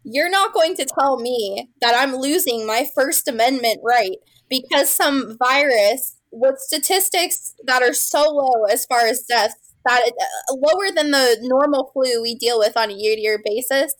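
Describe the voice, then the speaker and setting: A woman's voice: sits high, unhurried, a bit bright, dry recording, rough recording. Blunt argumentative woman guest. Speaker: podcast guest. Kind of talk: casual political chat.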